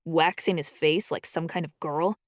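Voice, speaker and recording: A woman's voice: low-pitched, fairly even intonation, normal speed, no echo, studio quality, natural voice. Woman reading a sneering male prison bully. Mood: mocking. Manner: mocking.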